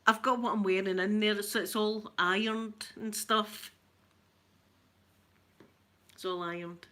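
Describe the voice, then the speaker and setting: A middle-aged Scottish woman with a Scottish accent, chatting casually to her livestream viewers as host and telling stories with lively animation. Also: medium pitch, takes it slowly. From Scotland. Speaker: ASMR channel host.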